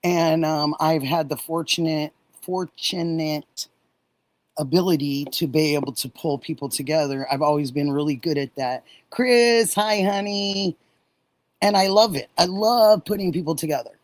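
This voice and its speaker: A middle-aged woman from Oregon hosting a casual livestream, warmly thanking viewers and answering chat messages. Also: low-pitched, steady tone, normal speed, dry recording, poor audio. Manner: warm, gushing, reads and answers chat messages. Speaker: livestream host.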